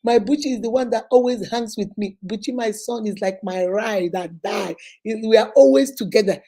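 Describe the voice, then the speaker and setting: Woman in her fifties, mellow tone, casual live-stream chat, laughs a lot, greets viewers by name. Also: fairly high pitch, moderate pace. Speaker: host.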